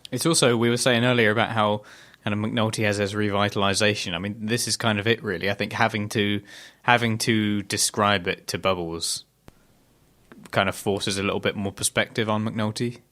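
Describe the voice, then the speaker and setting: A man's voice: fairly low pitch, fairly even intonation, fairly quick, fairly bright tone. A young man co-hosting a casual TV recap podcast, thoughtful and hesitant with many fillers. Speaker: podcast co-host.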